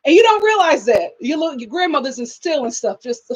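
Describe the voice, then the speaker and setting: On a casual live stream, a woman tells animated stories, acting out quotes, reading viewer comments and laughing often. Her voice is high and fairly quick, caught on a low-quality recording.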